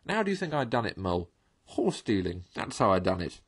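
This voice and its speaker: A man voicing a boastful, excitable male toad in a storybook reading, loud and blustering. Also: fairly low pitch, a little fast, breathy edge.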